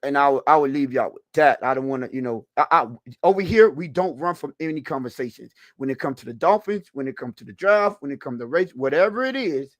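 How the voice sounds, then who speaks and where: On a live-streamed football talk show, a male co-host chats loosely with viewers, laughing often, rambling, and restarting his sentences. His voice is on the high side with lively intonation, and he talks briskly with hardly any pauses. The recording is dry.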